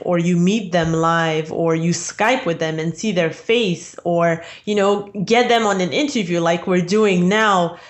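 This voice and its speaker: A woman guest on an interview podcast, talking about business in a chatty way with many fillers and frequent laughs. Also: on the low side. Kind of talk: casual interview chat.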